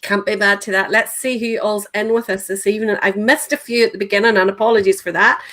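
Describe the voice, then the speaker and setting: A woman's voice: mid-range voice, fairly even intonation, fast, a bit bright, poor audio. A woman hosting a livestream, chatting casually and reading out viewer names. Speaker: host.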